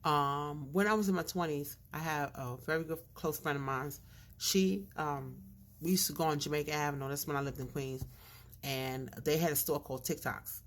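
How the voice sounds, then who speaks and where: A middle-aged woman vlogger telling a casual story, animated and a little slurred in her diction. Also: deep voice, normal speed, a little hiss or hum. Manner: animated storyteller, acts out quoted voices.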